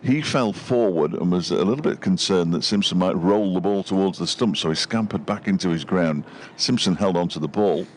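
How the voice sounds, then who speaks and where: Deep-voiced cricket commentator. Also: male voice, fairly quick, few pauses, slight background noise. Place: windy commentary gazebo at a cricket ground.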